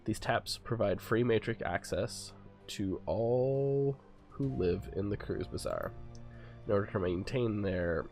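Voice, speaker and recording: Man voicing a polite male game fixer, low voice, gravelly, faint music underneath. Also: expressive, slow pace, a little mellow, full character voice. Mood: courteous. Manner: polite, formal read-aloud delivery. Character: courteous male fixer handing out errands. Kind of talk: reading game dialogue aloud.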